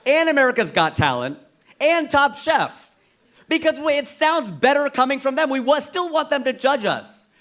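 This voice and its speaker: A man from the United States doing a stand-up comedy set, with an animated, incredulous punchline delivery. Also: very high-pitched, moderate pace.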